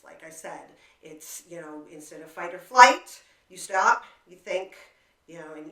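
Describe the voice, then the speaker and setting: A woman's voice: lowish voice, a bit bright. A woman explaining a coping skill in a casual, conversational way, often checking in with "right?" and "okay?". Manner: conversational, many fillers and rhetorical "right?" and "okay?". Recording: echoey room, voice somewhat far from mic.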